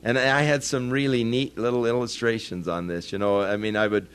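Older pastor preaching with folksy warmth. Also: male voice, medium pitch, steady tone, brisk, clear, resonant tone. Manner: folksy storytelling, rising to earnest emphasis; chuckles between points. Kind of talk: sermon.

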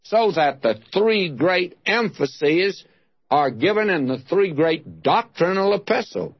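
Male preacher, deliberate Bible teaching, raised pitch, lo-fi dry recording. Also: animated, breathy edge, no echo. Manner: slow, deliberate, stressing single words of scripture.

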